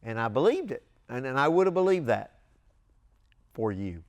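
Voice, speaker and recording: A man, a pastor, giving a televised sermon in an earnest, emphatic way with long dramatic pauses. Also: mid-range voice, sing-song.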